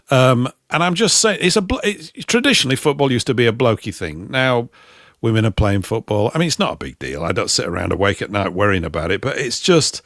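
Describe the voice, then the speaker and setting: A man's voice: mid-range voice, fairly bright tone, dry recording, clean studio sound. A British man in casual talk-show chat, rambling and opinionated as a co-host.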